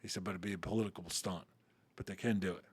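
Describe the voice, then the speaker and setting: A man's voice: low voice, fairly even intonation, quick pace, husky. A middle-aged man telling a story in an interview, acting out the dialogue and cussing casually. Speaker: interview guest.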